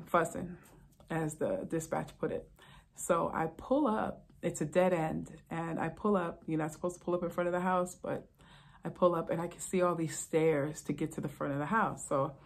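A middle-aged woman who is a retired detective, telling a story casually to camera in a conversational, anecdotal way. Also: fairly low pitch.

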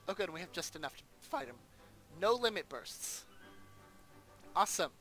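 A man's voice: sits high, expressive, moderate pace, a bit bright. A man hosting a let's play, giving casual gameplay commentary and thinking aloud with chatty asides.

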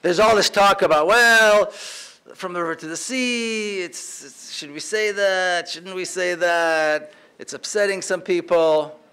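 A man's voice: high voice, unhurried, sharp tone, clean tone. A man giving an impassioned public speech in a large lecture hall, emphatic and repeating phrases for force. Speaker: activist speaker.

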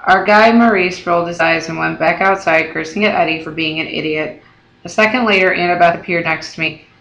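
A reader narrating a novel in the first person with steady storytelling. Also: mid-range voice, fairly quick, creaky. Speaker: audiobook reader. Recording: roomy echo.

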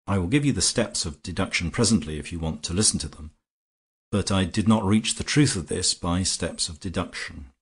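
Grave gentleman sleuth read by a man, low, husky, measured storybook voice. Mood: calm, grave. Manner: measured, composed, explanatory. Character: grave, calm English gentleman detective.

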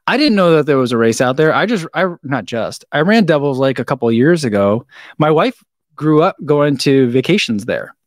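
A man's voice: on the high side, expressive, normal speed, dry recording, studio quality. A man hosting a casual live stream about running shoes, laid-back and rambling as he answers viewer questions with frequent chuckles, in a room with shoes on the wall.

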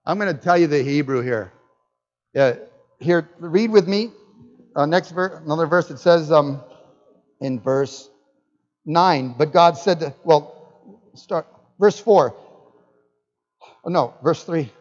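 Older male guest pastor, high-pitched preaching voice, dull recording with long hall reverb. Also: a little slow, long pauses. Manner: animated, swings from loud emphatic bursts to low asides. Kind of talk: sermon. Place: church hall.

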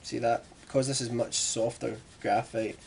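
A man's voice: mid-range voice, steady tone, normal speed, gravelly, slight background noise. A young man with a Glaswegian Scottish accent, chatting casually to camera in a self-deprecating, rambling way. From Glasgow, Scotland. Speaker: vlogger. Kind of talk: casual vlog chat.

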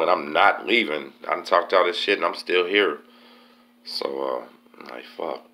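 Very deep-voiced man telling prison stories. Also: bright, forceful tone. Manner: laid-back, slangy, keeps saying man. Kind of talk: casual storytelling.

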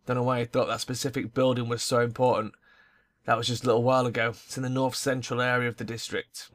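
A man's voice: medium pitch, little pitch movement, fast talker, natural voice. A man reading a nervous runaway gang member. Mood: worried. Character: nervous young male gang member in hiding. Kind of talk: voicing a video game character.

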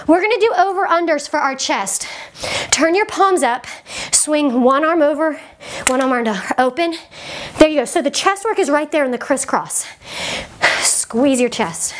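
A woman's voice: sits high, a little hiss or hum. A woman fitness instructor coaching a workout while doing it herself, out of breath and encouraging, with short cues and puffs of breath between exercises.

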